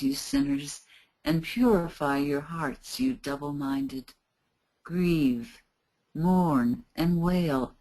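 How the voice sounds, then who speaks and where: A woman reading scripture aloud in a slow, measured way. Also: sits low, dark tone, rough recording.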